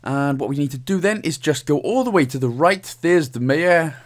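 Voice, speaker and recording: This Welsh man talks with a lively, bouncing pitch, wandering up and down as he narrates his walkthrough. He is cheeky and chatty, and he jokes and chuckles through the commentary. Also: moderate pace. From Wales. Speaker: game walkthrough host. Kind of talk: casual gameplay commentary.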